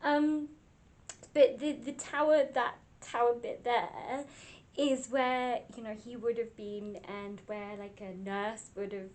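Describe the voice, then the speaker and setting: A woman ghost hunter speaking in a hesitant, halting way, close to tears. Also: fairly high pitch, steady tone, darkish tone. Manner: hesitant, halting, with nervous laughs. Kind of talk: vlog commentary.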